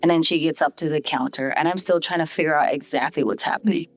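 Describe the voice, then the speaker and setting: This middle-aged Vincentian hospital CEO talks fast in a low-pitched voice over soft background music. Guesting on a podcast, she shares her life story loosely and performs other people's dialogue in a raised, lively voice.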